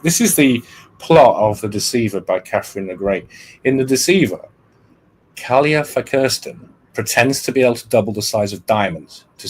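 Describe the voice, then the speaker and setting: Speaking casually, a podcast host explains a historical plot while reading from his notes, frequently stopping to start over or fix what he said. His voice is on the low side and slightly rough.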